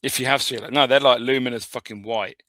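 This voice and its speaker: A man with a bright, tense voice, recorded close and dry. He co-hosts a casual podcast, chipping in quick jokes and swearing freely. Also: medium pitch, fairly even intonation, no echo. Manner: quick joking interjections, swears. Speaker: podcast co-host. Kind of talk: casual chat.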